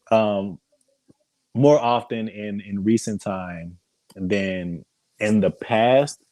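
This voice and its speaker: Podcast co-host, male, low mellow voice, slangy and hesitant, dry close sound. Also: no room sound, rough recording. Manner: animated, hesitant restarts, slangy ("dude"). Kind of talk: casual chat.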